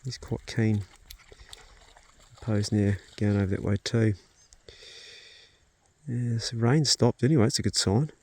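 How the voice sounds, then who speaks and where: Outdoors and in his truck, a vlogger keeps up casual, chatty commentary and talks to his dogs along the way. His lowish, dark-toned voice is a little slow with long pauses, and the recording is dry.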